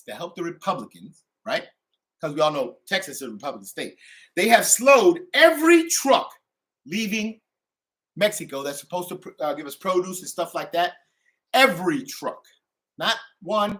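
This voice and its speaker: A middle-aged man holds forth in a heated, profane monologue, his voice sitting a little high. His pitch leaps and drops constantly, and he jumps from loud outbursts to low mutters. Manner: animated, profane, swings between loud and low. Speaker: channel host. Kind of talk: ranting monologue.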